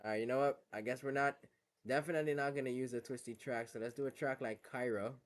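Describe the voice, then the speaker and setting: A man's voice: medium pitch, fairly even intonation, fast. Laid-back male gaming streamer. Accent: West African English on the phone call. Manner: laid-back slangy banter, laughs often. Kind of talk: casual gaming stream chat.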